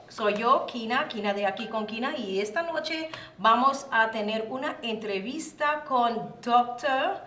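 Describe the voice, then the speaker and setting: A woman's voice: a little high, moderate pace, few pauses, sharp tone, slight background noise. Chatty bilingual woman host, echoey room. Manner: chatty, switches between English and Spanish. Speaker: talk show host. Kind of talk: casual bilingual interview intro.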